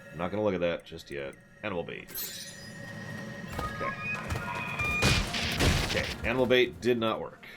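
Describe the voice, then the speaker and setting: A man with a deep voice talks his way through a video game for his stream, rambling and sarcastic. His pitch jumps around a lot. Game music plays clearly behind him. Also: lively intonation, normal speed, pauses often. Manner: rambling, sarcastic, laughs and reads out game lines. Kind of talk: casual gameplay commentary chatting with viewers.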